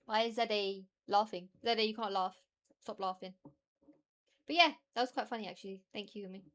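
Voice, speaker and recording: A woman's voice: mid-range voice, brisk, a bit bright. A British woman streamer chatting casually and rambling, laughing often as she reacts to her chat.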